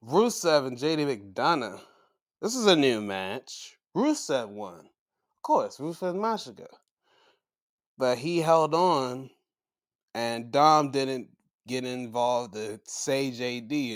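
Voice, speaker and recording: A male podcast host talks in a casual, profane way. His pitch swings widely, and he jumps into a high voice when he acts out quotes. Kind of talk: casual wrestling recap.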